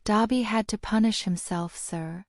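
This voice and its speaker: A woman's voice: medium pitch, unhurried, dry recording, studio quality, natural voice. A woman voicing a timid, servile male house elf who speaks of himself in the third person, read as an audiobook character. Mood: anxious pleading.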